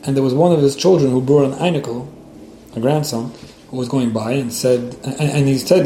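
A man's voice: mid-range voice, brisk, dark tone. A man teaching a class on child education, mixing stories into the lesson, often repeating words as he restarts. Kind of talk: lecture with storytelling. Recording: echoey room, faint background hiss.

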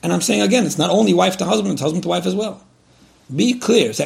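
A man's voice: high voice, quick pace, creaky. A man giving a religious lecture, talking frankly and directly as he gives advice and repeats his points. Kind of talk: earnest spoken advice lecture.

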